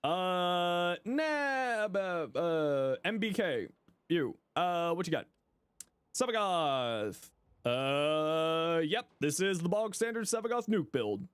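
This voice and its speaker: Male streamer, casual advice-giving chat, a touch high-pitched, dry close sound. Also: slow, clean tone, no echo. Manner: relaxed, thinks aloud with frequent "uh" fillers; friendly advice, addresses viewers by name. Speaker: streamer reviewing viewers' game builds. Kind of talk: casual livestream commentary.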